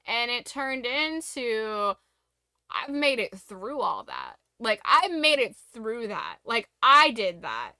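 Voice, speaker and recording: A woman's voice: on the high side, big pitch swings, slow, sharp tone, no room sound. A young woman streamer in a casual late-night chat, speaking candidly and reflectively about her struggles, rambling with restarts.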